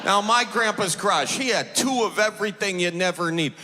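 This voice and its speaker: Folksy comedian telling family stories. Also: male voice, high-pitched, a little fast, noisy background. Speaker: stand-up comedian. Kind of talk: stand-up storytelling. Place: comedy club stage. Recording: long hall reverb.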